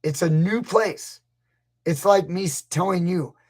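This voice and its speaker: A man's voice: high-pitched, measured pace, a little mellow. A man, a grappling coach hosting a casual live stream, rambling through stories and acting out what people said. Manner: rambling, storytelling, acts out quotes. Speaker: grappling coach, channel host.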